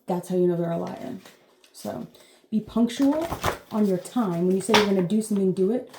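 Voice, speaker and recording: Hosting a casual live reading, a woman with a mid-range voice rambles along at a moderate pace, chatty and full of fillers, with the occasional playful swear. The recording has a roomy echo and faint noise.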